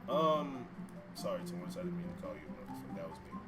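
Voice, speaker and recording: Animated man streaming a game, lively voice. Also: deep voice, fast talker. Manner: animated, swears freely, banters with chat. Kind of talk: casual live-stream chat while playing. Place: home room. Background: game music.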